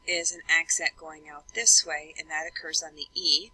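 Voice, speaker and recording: A woman teaching a classroom lesson, slowly and deliberately spelling out letters one at a time. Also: sits low, steady tone, bright, forceful tone, breathy edge, low-quality recording. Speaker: French teacher.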